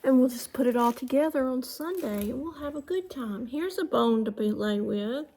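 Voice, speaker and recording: Warm and expressive, with a high-sitting voice at a moderate pace, a middle-aged vlogger chats casually in her living room. She rambles through the home vlog, frequently trailing off and restarting.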